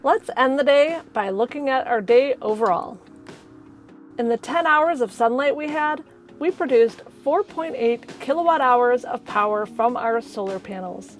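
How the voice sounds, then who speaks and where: A woman's voice: on the high side, unhurried, faint music behind. A woman, chatting casually as a vlogger and laughing often. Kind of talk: casual vlog narration.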